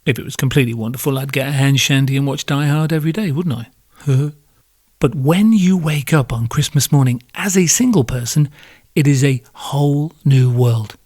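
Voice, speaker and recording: Guy ranting on his podcast, sarcastic, swears a lot, mid pitch. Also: moderate pace, a little mellow, slightly rough, dry recording, clean studio sound. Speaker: podcast host. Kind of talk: comedic monologue.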